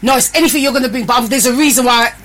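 A woman's voice: fairly high pitch, very fast, noisy background. A woman hosting a live radio show, chatting in a bossy, teasing way full of slang. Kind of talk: casual live radio chat.

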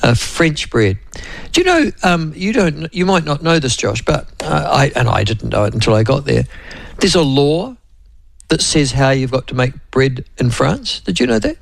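Kiwi guy hosting radio, rambly and chatty, bit gravelly, dry close mic. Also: on the high side, very animated, moderate pace, no echo. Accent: New Zealand. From New Zealand. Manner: chatty, rambling, many fillers and restarts. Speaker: radio host. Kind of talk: casual radio chat.

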